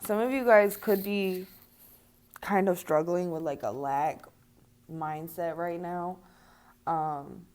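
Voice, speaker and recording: Chatty young woman reading cards, mellow voice. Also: on the low side, takes it slowly, pauses often. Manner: chatty, swears casually, laughs often, yawning. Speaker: tarot reader. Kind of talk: casual card reading to viewers.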